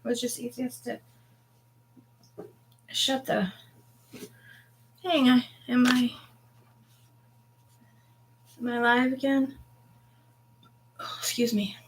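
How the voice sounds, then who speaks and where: A woman's voice: fairly high pitch, level tone, slow pace, long pauses, a little hiss or hum. A woman hosting a tarot livestream from home, chatting casually and rambling to her viewers.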